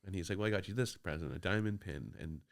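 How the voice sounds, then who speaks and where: A man with a low voice talks through scenes from a film with his co-host. He is relaxed and casual, laughs a lot, and swears now and then. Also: fast, creaky. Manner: laid-back, laughs often, retells scenes. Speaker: podcast co-host. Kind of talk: casual movie discussion.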